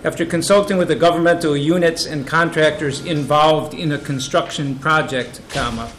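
Man reading an amendment slowly. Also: a little high, a bit bright, slight background noise, rough recording. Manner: deliberate, reads text slowly. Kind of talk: formal committee testimony. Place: legislative hearing room.

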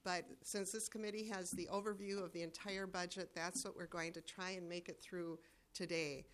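A woman chairing a legislative finance committee, speaking in a measured way with frequent fillers and restarts. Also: lowish voice, flat delivery, a little hiss or hum. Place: hearing room.

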